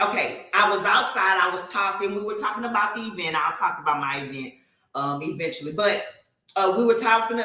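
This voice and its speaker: A woman chats on a podcast, her voice bright and forward. She tells stories with animated energy and frequent fillers. The room around her is echoey. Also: mid-range voice. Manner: animated storytelling with many fillers. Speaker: podcast co-host. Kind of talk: casual podcast chat.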